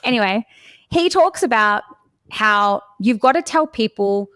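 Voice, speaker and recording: A woman's voice: a little high, expressive, measured pace, fairly bright tone, dry recording. A woman hosting a sales podcast, talking in an emphatic, forthright way with a joking edge. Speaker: podcast host, sales coach. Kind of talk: casual chat.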